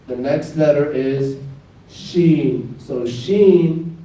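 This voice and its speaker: A man with a Northeastern US accent leads a classroom lesson, calling out letter names and drilling them for his students. His voice is mellow and a little higher than most men's, and he takes his time over each step. He is picked up from across a boomy, reverberant classroom. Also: takes it slowly. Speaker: imam teaching Arabic letters. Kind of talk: classroom lesson, slow and repetitive. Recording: echoey room picked up from a distance.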